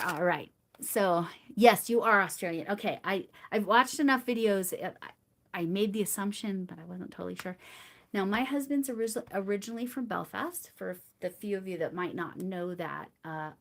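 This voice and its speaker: A woman's voice: on the low side, vocal fry. Middle-aged woman crochet streamer; casual, rambling chatter to live viewers, easy laughs, lots of fillers. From United States. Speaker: crochet livestream host.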